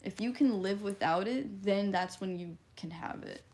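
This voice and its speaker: A woman's voice: mid-range voice, moderate pace, a little mellow. Giggly young woman streamer chatting. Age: 20s. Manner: giggly, chatty, reacts to chat messages. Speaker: livestreamer reading chat. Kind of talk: casual live-stream chat.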